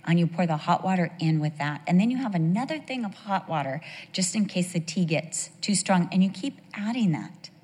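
A woman's voice: lowish voice, lively intonation, normal speed, darkish tone, husky. Chatty woman preaching in a hall. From United States. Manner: chatty, storytelling, asks the audience questions. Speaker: women's devotional speaker. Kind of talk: sermon with personal stories. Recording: long reverb of a large hall.

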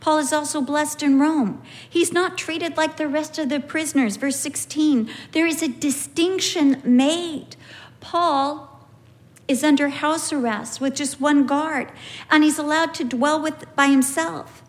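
A middle-aged woman teaching from the Bible in a conversational way, telling lively stories and acting out the people in them. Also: high-pitched, measured pace. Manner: animated storytelling, acts out quoted people.

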